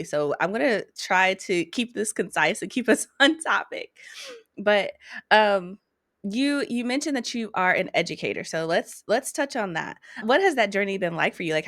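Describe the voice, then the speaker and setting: A woman's voice: medium pitch, a bit bright, dry recording, studio quality. Upbeat woman hosting a podcast. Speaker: podcast host. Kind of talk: podcast interview.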